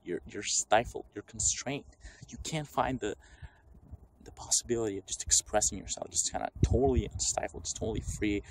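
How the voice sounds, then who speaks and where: A man with a low voice rants off the cuff, rambling and swearing freely. He keeps slipping into quick imitations of other people, and a faint hiss sits under his voice. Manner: rambling, profane, animated, acts out quotes. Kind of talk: unscripted rant to camera.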